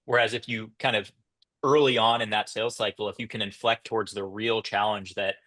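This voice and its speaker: A man's voice: fairly low pitch, level tone, a little fast, a bit bright. A man speaking on a conference panel about sales, thoughtful, with frequent restarts and hedges. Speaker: panelist, sales tech founder.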